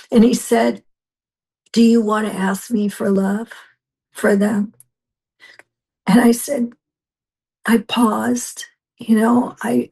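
Older woman, missionary guest, fervent testimony, narrow pitch range. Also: darkish tone. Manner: intense, fervent storytelling with restarts. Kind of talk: emotional personal testimony.

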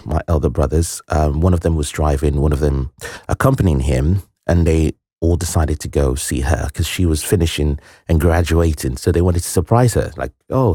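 Deep-voiced man telling his story. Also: warm tone, husky, no echo. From Nigeria. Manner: earnest, reflective, halting with restarts. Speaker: interview guest. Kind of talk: personal storytelling.

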